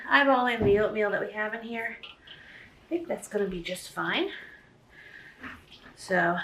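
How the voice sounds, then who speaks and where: A woman's voice: medium pitch, recorded from a distance, background noise. Breathless woman chatting in echoey kitchen. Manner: chatty, thinking aloud while working. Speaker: vlogger. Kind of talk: casual cooking vlog chat. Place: home kitchen.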